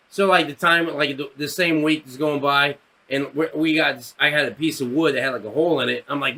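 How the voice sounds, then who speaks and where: Man, podcast co-host, casual storytelling, bright voice, very lively pitch, acts out voices. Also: a little fast, slight background noise. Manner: animated, acts out quoted voices, laughs through his story.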